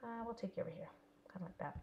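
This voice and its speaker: A woman's voice: lowish voice, racing, vocal fry, muffled recording. A woman teaching a live card-stamping class in a casual, chatty way, talking to her viewers by name. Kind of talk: casual live craft demo.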